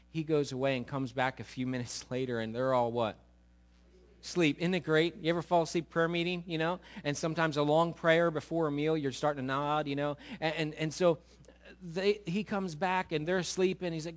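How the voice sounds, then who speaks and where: Brief: male pastor, sermon, lively storyteller, slightly high voice. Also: brisk. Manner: animated storytelling, repeats words as he builds.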